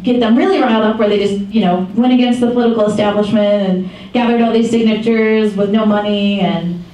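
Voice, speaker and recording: Chatty young woman in an echoey hall. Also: mid-range voice. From Michigan. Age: 20s. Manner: chatty, animated storyteller with many ums and laughs. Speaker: founder giving a talk. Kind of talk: casual public talk. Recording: echoey far-off room mic with faint noise.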